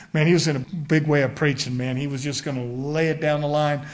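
A man's voice: on the high side, steady tone, moderate pace. A man preaching a sermon in a folksy storytelling way, acting out the people he quotes.

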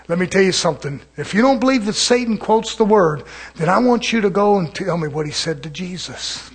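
A man preaching an evening sermon in a church, fervent, swinging between shouted lines and hushed asides. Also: high voice, expressive, fairly quick, slightly rough.

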